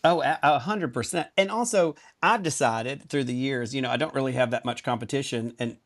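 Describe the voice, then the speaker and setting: A man with a Southern US accent tells stories on a podcast with lively comic timing. His delivery is animated and chatty. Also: mid-range voice, fairly quick. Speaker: podcast guest. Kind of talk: casual podcast storytelling.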